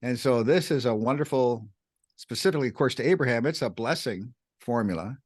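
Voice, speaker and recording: A man co-hosting a podcast, teaching the Bible in an animated way, swinging his pitch up and down to stress words. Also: a little fast. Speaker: podcast co-host.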